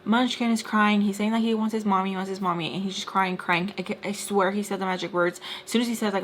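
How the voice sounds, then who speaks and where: A woman's voice: medium pitch, fairly even intonation, fairly quick, fairly bright tone, slight background noise. A young woman vlogger telling a dramatic storytime while doing her makeup, chatty and full of "like".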